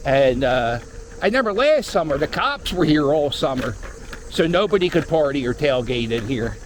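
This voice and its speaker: On a scooter in the park, a man whose voice sits on the high side talks very animatedly at normal speed. He offers casual running commentary that rambles through wry remarks and stories, with a little hiss or hum underneath.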